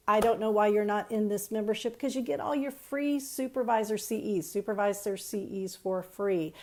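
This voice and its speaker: A woman coaching counselors on a live stream, chatty and emphatic, repeating key points and greeting viewers as she goes. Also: a little high. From Texas. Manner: energetic, chatty, greets viewers mid-talk. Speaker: counseling trainer.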